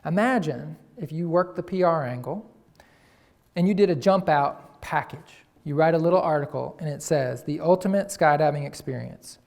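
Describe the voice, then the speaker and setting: A man presenting a tourism marketing campaign to an audience, energetically pitching ideas and playing on words. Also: lively intonation, normal speed, creaky, darkish tone. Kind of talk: presentation to local business audience.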